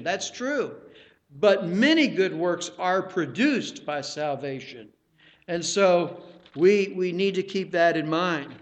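A man's voice: sits high, fairly bright tone. A male pastor preaching a sermon to his congregation, stressing key words and speaking straight to the listeners.

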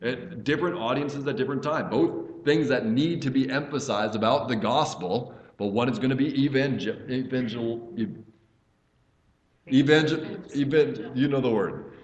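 A man of middle pitch teaching a Bible study, earnest and steady as he works through verses. He reads scripture aloud with weight and emphasis. His voice rings in an echoey church room. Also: normal speed, muffled recording. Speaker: pastor.

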